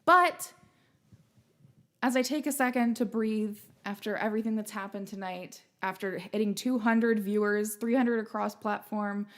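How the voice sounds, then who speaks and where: A woman hosting a live streamed show, chatting casually and firing excited questions at her viewers. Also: medium pitch, normal speed, hardly any pauses. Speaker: livestream show host. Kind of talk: casual chat to a live audience.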